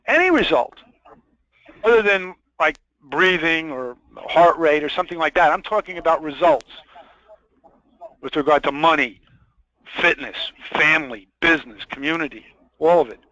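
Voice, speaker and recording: A man with a high, ringing voice leads a sales training webinar. He leans hard on key points and repeats them for weight. He poses questions straight to his listeners. The audio is muffled and lo-fi and carries no room sound. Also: moderate pace, bright, forceful tone, no echo. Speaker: webinar presenter. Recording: dull lo-fi dry webinar audio.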